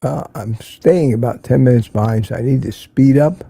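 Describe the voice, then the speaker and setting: A man's voice: mid-range voice, moderate pace, vocal fry, dark tone, husky. An older man hosting a casual livestream, reading viewer comments and giving blunt, opinionated remarks that he often repeats for emphasis. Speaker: livestream host.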